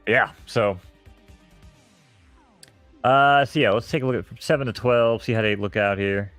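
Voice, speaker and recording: A man's voice: medium pitch, normal speed, a bit bright, no echo, faint music behind. A man with a New York accent hosting a live stream, chatting loosely and poking fun at himself. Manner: rambling, self-mocking, breaks into laughs. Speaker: stream host and horse owner. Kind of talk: casual live-stream chat.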